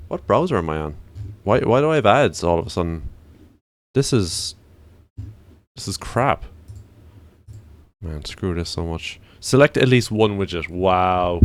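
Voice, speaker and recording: A man streaming, chatting casually and ranting to himself as he browses. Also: sits low.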